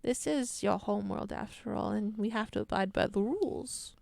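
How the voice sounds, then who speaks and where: A woman voicing an old hunched witch who speaks softly and courteously, calling people dear. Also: medium pitch, moderate pace, gravelly, no room sound, clean studio sound. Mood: gracious.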